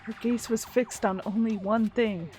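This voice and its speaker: A woman reading the narration of a nervous, earnest teenage boy in a plain, slightly lowered voice. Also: steady tone, unhurried, darkish tone, husky, soft background music. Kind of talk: reading game narration aloud.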